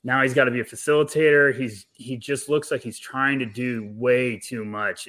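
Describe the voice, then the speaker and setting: Guy on a sports podcast, bright forceful voice, stumbles and restarts a lot. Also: mid-range voice. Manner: animated, repeats words when starting thoughts. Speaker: podcast panelist. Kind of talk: casual sports podcast chat.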